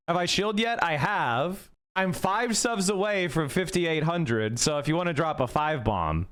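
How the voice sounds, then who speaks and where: A male live streamer in casual chat, arguing his points quickly and talking straight to his viewers, his voice going hoarse. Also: sits high, very animated, fairly bright tone. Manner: fast, argumentative, talks straight to chat. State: losing his voice.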